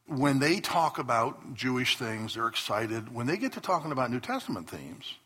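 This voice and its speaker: A man's voice: mid-range voice, sing-song, normal speed, pushed and bright, breathy edge. A man preaching a sermon to his congregation as pastor, telling stories with earnest bursts of emphasis. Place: church hall before a congregation.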